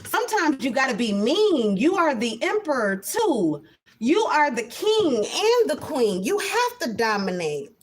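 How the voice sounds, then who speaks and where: A woman's voice: high voice, big pitch swings, a little slow, a little hiss or hum. A woman giving a spiritual card reading in a casual monologue, emphatic and heavily profane. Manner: emphatic and heavily profane, swinging between intense and laughing.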